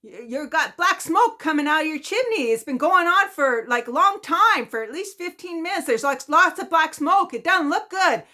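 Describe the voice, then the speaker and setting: A worried male neighbor calls in urgent, repetitive bursts, as a woman puts him on. His voice sits high and bright, pushed well above her usual speaking pitch. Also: expressive, moderate pace, hardly any pauses, heavily acted. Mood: alarmed. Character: worried adult male neighbor reporting smoke.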